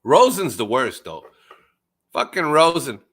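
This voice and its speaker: A man in a casual group chat, ranting loudly with constant swearing and stammered repeats, his pitch jumping whenever he gets riled up. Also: sing-song, a little slow. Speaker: chat participant. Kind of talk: casual profane rant.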